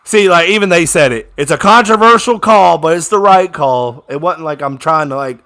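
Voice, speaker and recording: A young man giving casual live reaction commentary on a game as a fan, swinging from low grumbling to excited shouts on big plays. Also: moderate pace.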